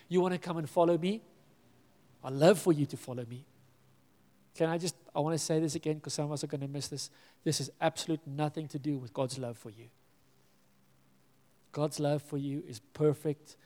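A man's voice: a little high, dark tone, long reverb tail. A man preaching a sermon as pastor, earnest and pleading, sometimes dropping to a near-whisper.

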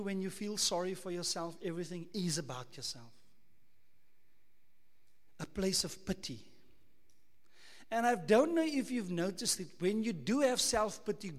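A South African man preaching a sermon, emphatic, full of rhetorical questions, swinging between loud and hushed. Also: high-pitched, expressive, unhurried, pauses often, long reverb tail. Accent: South African English.

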